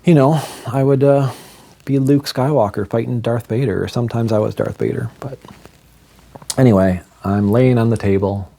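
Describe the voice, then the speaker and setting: A man's voice: medium pitch, normal speed, gravelly, dark tone. A man telling a personal story in a casual vlog, with wry, self-deprecating humor.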